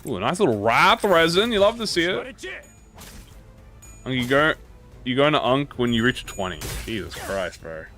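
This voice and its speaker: A man giving casual gameplay commentary, excitable and joking, swearing freely. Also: mid-range voice, moderate pace, pauses often, soft background music. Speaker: gaming YouTuber.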